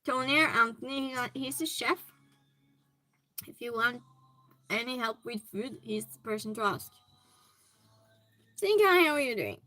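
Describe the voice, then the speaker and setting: A woman's voice: a little high, steady tone, normal speed, long pauses, pushed and bright, no echo, low-quality recording. A woman hosting a hobby livestream from her home hobby room, chatting casually and greeting viewers by name as she reads their comments.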